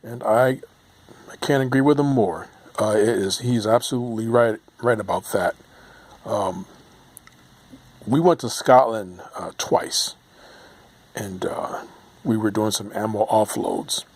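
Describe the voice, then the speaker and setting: A man in his late forties from the United States, speaking in a lowish voice. He reminisces in a loose, rambling way, often pausing on ums and restarting his sentences. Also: a little mellow, dry recording. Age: 40s. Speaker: vlogger. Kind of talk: casual reminiscing monologue.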